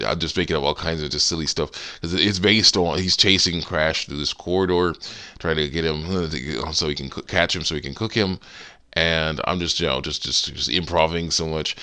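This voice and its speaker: A man's voice: rumbling low, sharp tone, smooth. A man rambling casually about a game he is modding, giggling and breaking off mid-thought. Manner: rambling, giggly, self-interrupting. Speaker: game modder. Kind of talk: casual commentary while editing a game.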